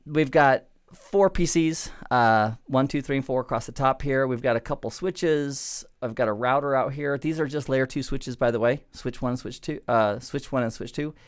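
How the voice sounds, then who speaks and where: A middle-aged man giving a relaxed, chatty networking lesson over a screen recording, with playful digressions. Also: mid-range voice, moderate pace, smooth. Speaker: network instructor. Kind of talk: screen-recorded tech tutorial.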